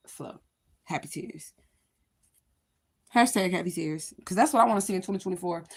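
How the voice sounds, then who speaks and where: A woman chatting casually on a livestream, talking to her viewers in a candid, rambling way and swearing freely. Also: lowish voice. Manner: addresses viewers directly. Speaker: livestream host.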